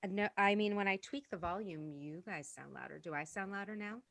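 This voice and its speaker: A woman's voice: medium pitch, brisk, vocal fry, fairly bright tone. Chatty woman rambling on a video call. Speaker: comedy performer. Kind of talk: casual chat. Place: home.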